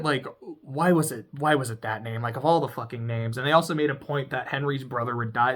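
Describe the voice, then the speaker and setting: A speaker casually recapping a TV episode, excitable and profane, laughing often. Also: medium pitch. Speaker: TV show reviewer.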